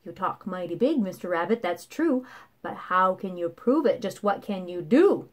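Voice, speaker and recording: A large, gruff storybook bear, played by a woman reader scoffs at a bragging rival. His gruff voice dips low and comes out snorting and dismissive. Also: expressive, moderate pace. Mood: scornful. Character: big gruff scornful male bear.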